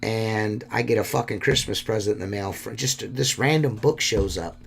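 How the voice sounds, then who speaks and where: A man's voice: lowish voice, normal speed, creaky, slightly rough. A man hosting a solo podcast, talking in a rambling, heartfelt way and swearing often. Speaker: podcast host.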